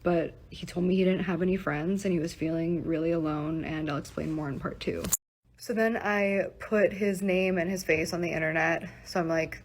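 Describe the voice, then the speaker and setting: A young woman recounting an upsetting personal event in a casual storytime vlog, talking fast with lots of "like" and swearing, emotional and shaken. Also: deep voice, a little hiss or hum, low-quality recording. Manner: fast, breathless, heavy use of "like" and swearing.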